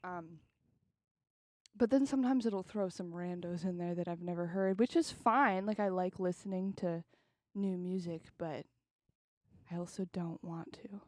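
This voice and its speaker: A young woman co-hosting a podcast, telling stories in a casual, animated way and laughing often. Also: on the low side, measured pace, no room sound, clean studio sound. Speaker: podcast co-host. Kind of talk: casual chat.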